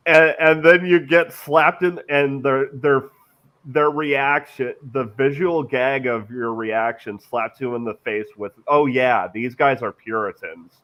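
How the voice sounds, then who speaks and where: A man co-hosting a podcast, talking haltingly about films and repeating words as he gathers his thoughts. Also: medium pitch, steady tone. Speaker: podcast co-host. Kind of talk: casual film discussion. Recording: dull lo-fi mic.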